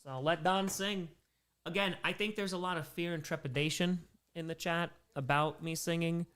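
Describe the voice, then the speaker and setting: A man's voice: a little high, fairly even intonation, normal speed, fairly bright tone, clean tone. A man hosting a charity livestream, reading out donations and bantering with chat, sometimes in character as a made-up persona.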